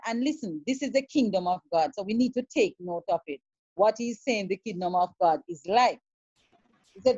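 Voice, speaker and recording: Halting woman preaching, dull lo-fi sound. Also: mid-range voice, expressive, dark tone, no echo. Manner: halting, repeats words, checks with "all right?". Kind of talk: Bible teaching sermon, reading scripture aloud.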